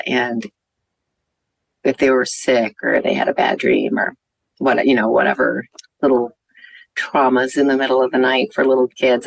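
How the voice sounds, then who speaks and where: A woman physician with a very deep, gravelly voice speaks at a conference venue, telling stories in an earnest, warm way with a few fillers. The recording is dry and of low quality.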